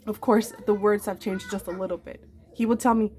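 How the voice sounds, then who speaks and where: A woman's voice: medium pitch, fairly even intonation, a little fast, darkish tone. This is an earnest woman in her forties talking straight to her viewers in a confessional vlog, addressing them as her darlings. She repeats her points for emphasis. Her voice sits in a middle register, with a faint hum of background noise. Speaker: vlogger. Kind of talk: heartfelt confessional vlog talk.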